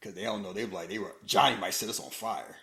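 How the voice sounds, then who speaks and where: A man co-hosting a podcast, joking his way through a movie recap in casual banter and slipping into quick character bits. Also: on the low side, creaky, bright, forceful tone. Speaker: podcast co-host.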